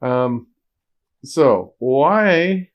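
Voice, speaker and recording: Slow-talking man with dry sarcasm. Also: medium pitch, expressive. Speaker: podcast co-host. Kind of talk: casual film discussion.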